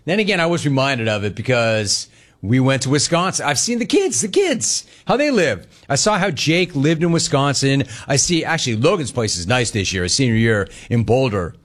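Animated male sports radio host. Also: mid-range voice, moderate pace. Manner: animated storyteller, wry and conversational. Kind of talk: talk radio monologue.

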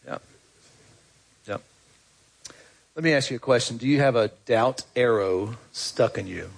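A man's voice: medium pitch, unhurried, gravelly. A man preaching a conversational sermon to his congregation as their pastor, asking them questions and urging them to respond. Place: church.

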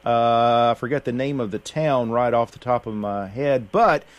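A man's voice: mid-range voice, no room sound, muffled recording. Folksy mountain man on radio. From Appalachian Kentucky. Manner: unhurried, folksy, many fillers and restarts. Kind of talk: casual radio chat.

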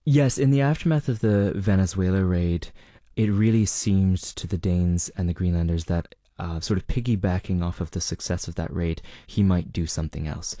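A man with a very deep, mellow voice lays out what he has reported in a measured, explanatory way. He slips in the odd filler as he thinks. The sound is close and dry. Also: no echo. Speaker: reporter guest. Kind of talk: interview answers.

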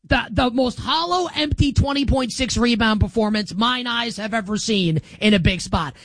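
A man's voice: normal speed, fairly bright tone, dry recording. A man hosting a sports talk show, delivering an opinionated monologue with sarcastic emphasis. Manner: sarcastic and emphatic, with wide swings in pitch.

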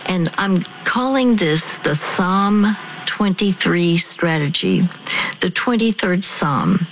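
A woman counseling a caller on a call-in radio show, guiding him slowly through deep breaths and measured phrases. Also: lively intonation, slight background noise, low-quality recording.

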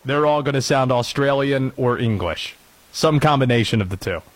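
A man's voice: mid-range voice, animated, moderate pace, poor audio. A man hosting a sports talk show, joking and playful in casual chat. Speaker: radio show host.

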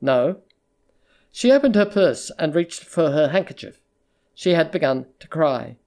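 An audiobook narrator reading a literary short story in a measured, even storytelling voice. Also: medium pitch.

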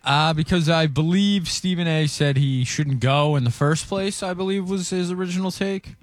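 A man co-hosting a sports talk show, opinionated and steady as he breaks down the games. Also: on the high side, normal speed, no echo, soft background music.

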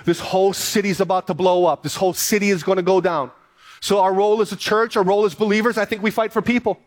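A man pastor preaching a sermon, reading scripture slowly and repeating key phrases for emphasis. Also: high-pitched, steady tone. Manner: reads scripture slowly and deliberately.

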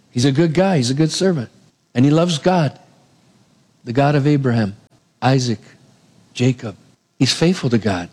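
A middle-aged man preaching a sermon, retelling a Bible story with animated storytelling and acting out the lines of its people. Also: a little high.

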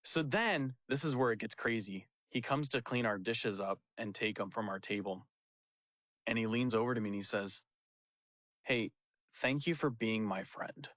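A man's voice: fairly low pitch, moderate pace, no room sound. A young man, a pastor, telling a story in casual chat and acting out the quotes with laughs. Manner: animated, laughing storyteller who acts out quotes.

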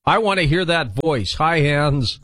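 A male radio host, interviewing a guest with jokes and enthusiasm. His voice is husky, swings widely in pitch, and sounds dry and close. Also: expressive, a little slow, a bit bright, dry recording.

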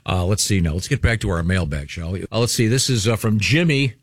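A man's voice: lowish voice, fairly quick, breathy edge, no room sound, clean studio sound. A man hosting a morning radio show, reading listener mail with joking asides in casual banter.

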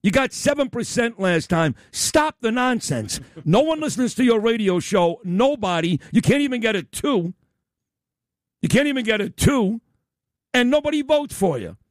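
A man hosting talk radio, ranting in a loud, combative, sarcastic way into a studio microphone. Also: extremely high pitch, sing-song, moderate pace, no room sound. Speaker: radio talk show host.

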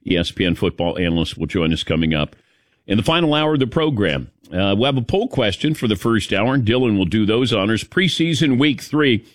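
Fairly low-pitched and fairly quick, a middle-aged man runs a morning sports radio show, bantering casually and playfully calling on his crew by name. The lively, jokey talk is captured dry with studio-quality sound through a studio microphone.

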